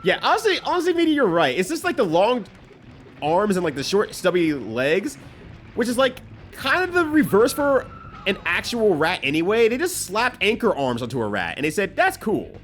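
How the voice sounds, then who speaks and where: A man's voice: high voice, wildly swooping pitch, moderate pace, a bit bright, slight background noise. A man streaming a game live, giving loose, joking commentary that swears casually and rambles between bits.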